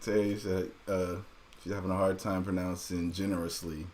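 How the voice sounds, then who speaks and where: A man's voice: sits low, flat delivery, normal speed, darkish tone, slight background noise. A man co-hosting a casual livestream from home, teasing his partner and laughing as he talks. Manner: playful teasing, laughs while talking. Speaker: co-host.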